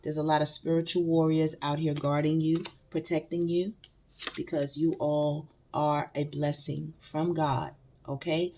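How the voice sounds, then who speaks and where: A woman's voice: sits low, little pitch movement, unhurried, mellow, slight background noise. Emphatic woman giving a tarot reading. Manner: emphatic, repeats phrases, addresses the collective directly. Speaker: tarot reader. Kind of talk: casual spiritual reading to viewers.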